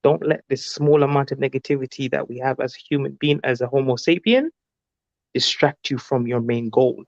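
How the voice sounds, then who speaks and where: A man speaking as a guest on a livestream panel, giving an earnest, deliberate motivational talk. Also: medium pitch, no room sound, dull audio.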